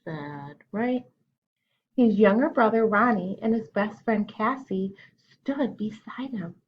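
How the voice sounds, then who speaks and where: A woman's voice: medium pitch, animated, takes it slowly, slightly rough. A woman teacher at storytime, reading a picture book aloud and stopping to ask the kids questions and explain words. Her voice sits in a middle range, and the recording is slightly dull and muffled. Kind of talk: children's storytime read-aloud.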